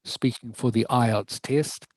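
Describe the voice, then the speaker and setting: Male English teacher, patient and encouraging, steady mid voice, dry close sound. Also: medium pitch, slow, dry recording, low-quality recording. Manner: patient, encouraging, checks understanding often. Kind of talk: online lesson feedback.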